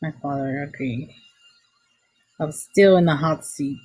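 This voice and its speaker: A woman casually telling a personal story, animated and exclamatory, acting out her own reactions, recorded on a computer mic. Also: sits low, measured pace, breathy edge, dry recording. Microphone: computer mic, screen recording.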